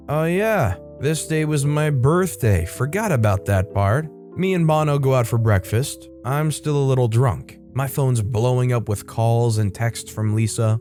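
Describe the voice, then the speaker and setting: A man reading a first-person forum story aloud as steady scripted narration. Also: medium pitch, moderate pace, few pauses. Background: faint background music.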